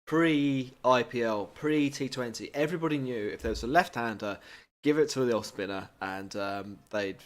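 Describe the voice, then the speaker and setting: A man's voice: mid-range voice, normal speed. A man co-hosting a podcast in casual chat, talking freely, poking fun at himself and steering the talk with questions. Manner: chatty, self-deprecating, leads the conversation with questions. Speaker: podcast co-host.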